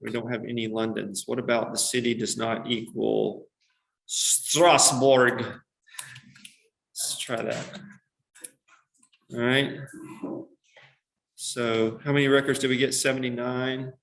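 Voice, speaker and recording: A man's voice: mid-range voice, level tone, slow, vocal fry, long pauses, a bit bright. A male computer science teacher explaining a coding demo to his class step by step, with frequent "um" and "right?" checks. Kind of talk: classroom lesson on screen.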